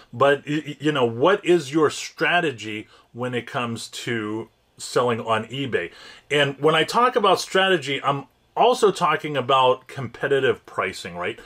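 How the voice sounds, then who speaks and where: A man's voice: mid-range voice, a bit bright. Chatty male host giving reselling advice. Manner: conversational, many fillers and restarts, rising emphatic openers. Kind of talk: casual advice monologue.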